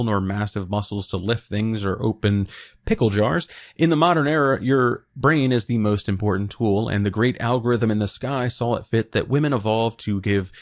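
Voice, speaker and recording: A young man with a fairly low voice talks through his theories on a show in a loose, opinionated way. He mixes serious points with crude joking asides. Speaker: video essay host. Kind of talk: casual commentary.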